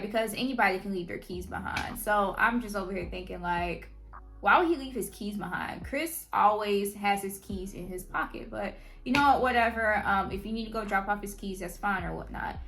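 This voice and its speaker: A young adult woman telling a personal story on her channel, in a slangy, animated way. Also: medium pitch, moderate pace, vocal fry, soft background music. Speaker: vlogger. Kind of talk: casual storytime.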